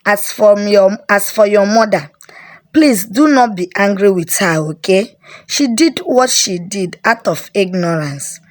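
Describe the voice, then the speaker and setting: A woman voicing a caring aunt who gently comforts her niece in a told story. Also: mid-range voice, lively intonation, measured pace, natural voice. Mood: gentle. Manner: soothing, gentle.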